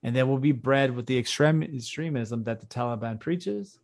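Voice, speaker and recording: A man's voice: medium pitch, moderate pace. A young man co-hosting a podcast in casual political chat, blunt and swearing, laughing often. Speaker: podcast co-host.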